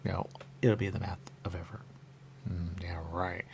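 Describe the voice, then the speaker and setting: A man hosting a radio talk show in rambling casual chat, often jumping into quick high voices to act out what people say. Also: level tone, vocal fry, a little mellow, a little hiss or hum. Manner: rambling, acts out quick high-pitched quoted voices, repeats "there you go".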